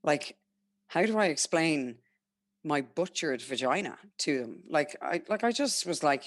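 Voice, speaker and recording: A woman's voice: low-pitched, expressive, unhurried, no echo, studio quality. A young Irish woman telling her own story frankly and chattily, quoting herself and others as she goes. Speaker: guest sharing her story. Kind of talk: candid personal storytelling.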